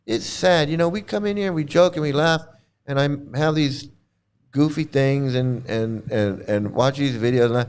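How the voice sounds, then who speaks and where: A man at a middle pitch with a smooth, resonant voice, talking off the cuff in a reaction commentary. He is blunt and sarcastic, swears freely, and keeps stumbling over repeated words before he lands his point. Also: normal speed, darkish tone. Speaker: host reacting to videos.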